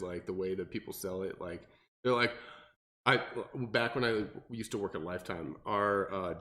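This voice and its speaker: A young man, a personal trainer, explaining workouts in casual podcast chat and acting out clients in mocking voices. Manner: animated, acts out clients with high mocking voices.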